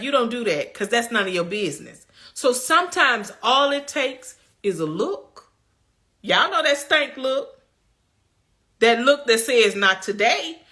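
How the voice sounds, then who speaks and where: A young adult woman gives a motivational self-care talk on her vlog, speaking with a bright, forceful edge. Her voice sits a bit above the usual pitch. She preaches in a colloquial, folksy way and keeps pressing her points straight to the viewers. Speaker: lifestyle vlogger.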